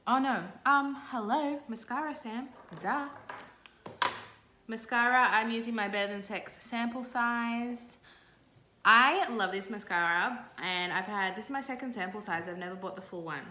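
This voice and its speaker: A woman's voice: fairly high pitch, pushed and bright. A young Australian woman talking viewers through her makeup in a casual, playful tutorial. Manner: chatty, playful asides to viewers. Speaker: beauty vlogger. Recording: roomy echo, faint background noise.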